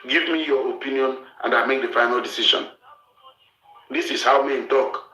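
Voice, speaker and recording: Man lecturing hard on relationships, bright edge, roomy echo. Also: medium pitch, normal speed. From Africa. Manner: forceful, lecturing, repeats himself. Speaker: show host giving relationship advice. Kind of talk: blunt advice talk.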